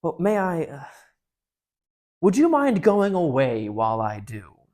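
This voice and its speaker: A man's voice: fairly high pitch, wildly swooping pitch, measured pace, a little mellow, pitched above the performer's own voice. A man reading aloud and voicing a frightened schoolgirl who talks in an anxious, pleading way.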